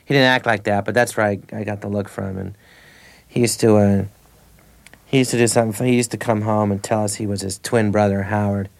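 A man's voice: lowish voice, steady tone, brisk, gravelly. A man in his thirties, a comedian guest, telling stories in a loose, rambling way with restarts and laughs between lines. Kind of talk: casual anecdotal interview.

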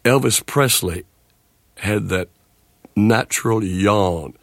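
A man in his sixties with a gravelly voice and a speech disorder, talking slowly and haltingly as a guest in a radio interview. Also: fairly low pitch, dry recording, studio quality. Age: 60s. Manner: halting, with restarts and slow deliberate phrasing. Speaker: guest, country singer.

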